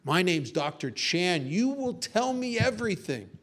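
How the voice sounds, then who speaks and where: A man voicing a calm, sinister male interrogator who speaks in a slow, quiet, menacing way. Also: high-pitched, exaggerated voice.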